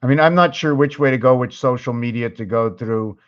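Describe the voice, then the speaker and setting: A man's voice: mid-range voice, a little fast. A man hosting his own casual video, distracted and thinking aloud, repeating himself as he clicks around. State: losing his voice. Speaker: channel host. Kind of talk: rambling casual livestream talk. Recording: dull lo-fi recording.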